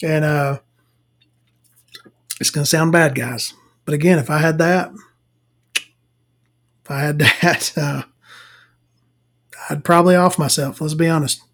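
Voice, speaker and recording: A woman's voice: deep voice, fairly even intonation, takes it slowly, pauses often. A woman, telling blunt, profane work stories to camera in a casual rant. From Southern United States. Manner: profane, blunt, laughing storyteller. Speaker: vlogger.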